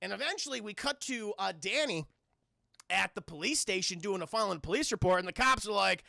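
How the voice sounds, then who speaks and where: High-voiced, gravelly male streamer. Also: animated, fairly quick, bright, forceful tone, dry recording, clean studio sound. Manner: profane, rambling, keeps addressing the chat. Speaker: streamer and film reviewer. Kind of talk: casual live-stream film recap.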